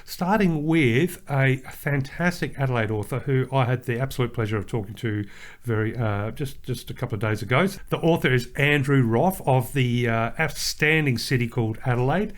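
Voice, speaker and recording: A man's voice: medium pitch, normal speed. An Australian man co-hosting a podcast, chatting casually and rambling with fillers and restarts. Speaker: podcast co-host. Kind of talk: casual chat.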